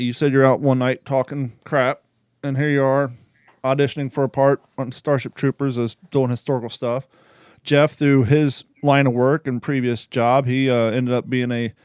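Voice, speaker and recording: A man's voice: mid-range voice, a little mellow, clean tone, no room sound, studio quality. A man hosting a podcast, chatting casually and asking a guest questions. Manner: easygoing, laughs along. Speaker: podcast host. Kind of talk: casual interview chat.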